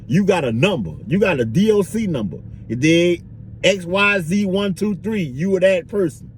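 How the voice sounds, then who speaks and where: A man's voice: high voice, expressive, moderate pace, slight background noise. A man vlogging in a loose, slangy street-talk monologue, filling it with "you dig" and "bro".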